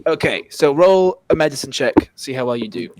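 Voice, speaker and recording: A man of medium pitch with an expressive, brisk delivery and a darkish tone acts as dungeon master for a tabletop game. He narrates casually, setting scenes in a chatty way and often restarting his phrases, with no echo in the recording.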